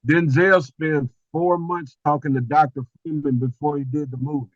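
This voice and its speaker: Animated older man telling a story. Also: a little high, normal speed, no echo, muffled recording. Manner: animated storyteller, repeats words as he restarts. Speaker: guest. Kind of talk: personal storytelling.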